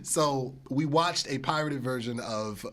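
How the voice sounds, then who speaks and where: A man hosts a relaxed podcast conversation, cracking jokes and teasing his guest. His voice has a bright, forceful edge at a middle pitch. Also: unhurried. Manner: joking, gives shout-outs, teasing. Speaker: podcast host. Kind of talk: casual chat.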